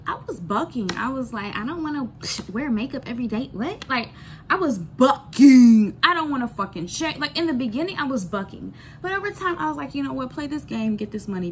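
A woman's voice: on the high side, slight background noise. A woman ranting bluntly in a candid storytime vlog, swearing freely and repeating lines for emphasis. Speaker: vlogger.

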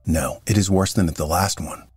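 Guy doing a fussy ghost lady, snappy and querulous, real low raspy voice, faint music behind. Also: a little fast, a little mellow, no echo. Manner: curt, querulous replies. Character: sharp-tongued dead woman, fussy and complaining. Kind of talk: audiobook reading of a character.

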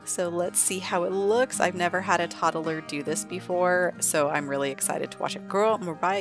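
A woman narrating a life-sim game in a chatty, casual way, sprinkling "like" through her talk. Her voice sits low. Faint music plays underneath. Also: moderate pace, hardly any pauses. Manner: chatty, heavy use of "like". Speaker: let's play narrator.

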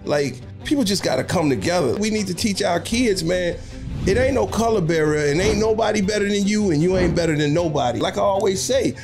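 A man with a Southern US accent, a regular podcast guest, talking in a lively, slangy, preachy way in a studio. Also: sits high, a little fast, over music. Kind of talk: casual podcast chat.

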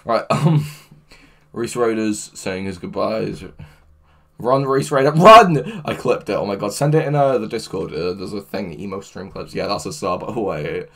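A man's voice: lowish voice, moderate pace, creaky. A man hosting a livestream, reading chat aloud in a crude, joking way and laughing often. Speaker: livestream host. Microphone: headphones with mic.

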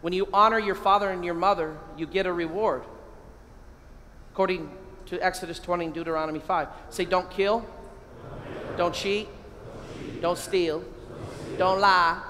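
Man, priest, high voice, animated keynote, echoing hall, faint ambient noise. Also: moderate pace, long pauses. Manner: animated, calls out phrases for the crowd to repeat. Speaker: priest giving a keynote talk. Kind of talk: lively keynote talk at a men's conference. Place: large hall.

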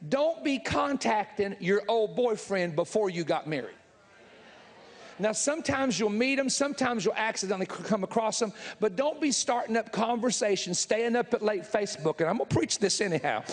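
High-voiced Southern preacher in echoing hall. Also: male voice. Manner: blunt, folksy, emphatic preaching with crowd asides. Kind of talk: sermon. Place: large church hall with live audience. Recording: echoey hall reverb.

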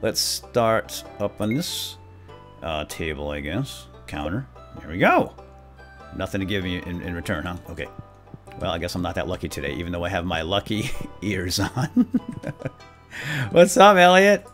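A young man hosting a casual let's play, goofing around and jumping between squeaky put-on voices and low mumbles. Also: lively intonation, normal speed, fairly bright tone, faint music behind. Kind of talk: casual gameplay commentary.

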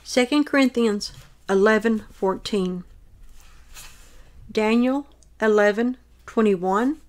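A woman narrating her own religious dream as a testimony, reading in an earnest, measured way. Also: fairly high pitch.

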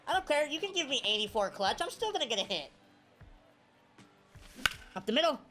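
A woman's voice: a little high, measured pace, long pauses, faint music behind. A woman giving live video game commentary, cheering and groaning at every play. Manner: excitable, cheers and groans at plays. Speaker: gaming streamer.

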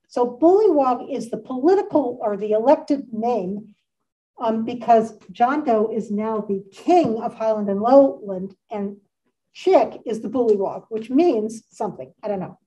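Captured from a distance in a dull-sounding community center meeting room, a sixty-something woman gives a casual talk on art history. Chatty and eager, she often wanders into asides, and her voice is a little high, animated, warm, and unhurried.

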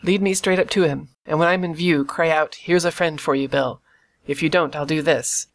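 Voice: mid-range voice, steady tone, normal speed, lightly acted. An audiobook reader voicing a cruel, sinister blind old beggar in a wheedling sing-song that turns to a cold sneer. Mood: cold menacing. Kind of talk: audiobook character reading.

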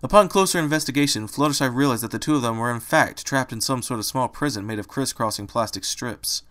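Male reader, expressive storybook narration, average pitch. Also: fast.

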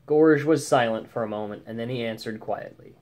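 A man narrating a short story in a measured, deliberate reading. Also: medium pitch, a little mellow.

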